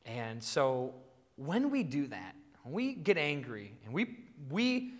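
Animated man preaching in an echoing hall. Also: medium pitch, slow pace. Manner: animated storytelling, acting out yelling at his kids. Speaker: pastor. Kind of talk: sermon.

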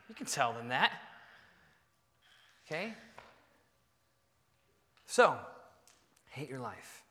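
A man preaching a sermon as pastor, swinging between loud bursts and quiet asides. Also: medium pitch, sing-song, extremely slow, pauses often. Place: church sanctuary. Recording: long reverb of a large hall.

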